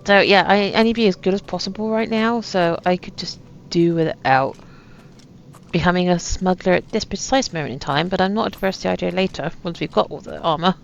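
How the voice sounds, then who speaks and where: A woman's voice: lowish voice, a little fast, gravelly, slight background noise. A woman giving chatty, wry commentary on her own game, full of self-mocking asides. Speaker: gaming channel host. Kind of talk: casual gameplay commentary. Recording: dull lo-fi sound with faint ambience.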